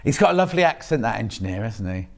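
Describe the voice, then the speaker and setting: A man's voice: lowish voice, big pitch swings, fast talker, gravelly. A man presenting live on a shopping channel, chatting and joking in rambling asides while selling fabric in a TV studio.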